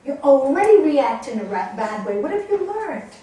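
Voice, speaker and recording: A woman yoga teacher giving a class talk, animated and teasing as she tells stories to her students. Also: sits high, moderate pace. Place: yoga class room, indoors. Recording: echoey hall, voice from far off.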